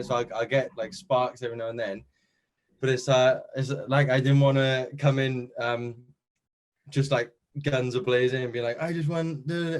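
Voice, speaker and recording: A young man with a Welsh accent, chatting modestly in an interview about winning a competition, with lots of fillers and restarts. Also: mid-range voice. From Wales. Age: young adult. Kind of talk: casual chat.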